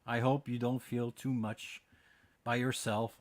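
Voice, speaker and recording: A man's voice: medium pitch, little pitch movement, measured pace, no room sound. A man hosting a podcast from home in casual chat, rambling with many fillers and restarts. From Canada. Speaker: podcast host. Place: at home with his dog.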